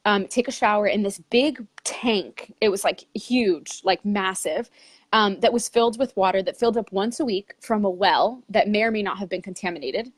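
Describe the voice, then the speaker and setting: A woman guest in an interview, telling her travel story in a chatty, expressive way with lots of "like". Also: mid-range voice, normal speed, no echo. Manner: chatty, heavy use of "like", expressive retelling.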